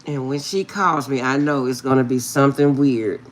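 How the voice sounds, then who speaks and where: A woman's voice: rumbling low, moderate pace. A middle-aged woman telling a funny family story to her viewers, laughing often and insisting she is serious. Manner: animated, laughs often, repeats "I'm serious". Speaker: tarot reader.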